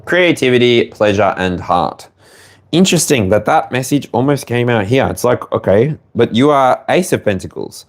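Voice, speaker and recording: A man's voice: mid-range voice, lively intonation, moderate pace. A man with an Australian accent giving a live collective tarot reading, rambling and playful, drifting into humming and laughter. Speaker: tarot reader.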